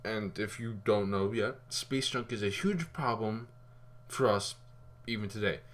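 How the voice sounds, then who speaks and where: Brief: male vlogger reviewing a film, low voice, loose and chatty, swears casually. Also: a little slow. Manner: rambling and animated, with fillers and casual swearing. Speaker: movie reviewer.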